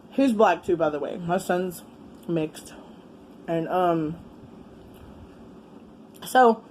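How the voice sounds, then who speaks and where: A woman in her thirties with a warm, mellow voice tells a rambling personal story straight to camera. She is blunt and swears freely, leaning on plenty of fillers. A faint fan hum runs underneath. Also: lowish voice, low-quality recording. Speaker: vlogger. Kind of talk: casual story time while eating. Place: indoors with a fan running.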